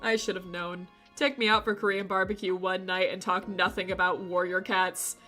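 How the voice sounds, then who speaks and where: A woman's voice: fairly low pitch, flat delivery, normal speed, bright, forceful tone, faint music behind. A woman streamer chatting casually with her live chat, playful and rambling, laughing often between remarks.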